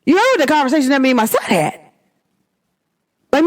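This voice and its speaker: A woman's voice: high voice, big pitch swings, fairly quick. A woman hosting her own podcast, talking in a casual, emphatic monologue full of rhetorical questions. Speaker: podcast host.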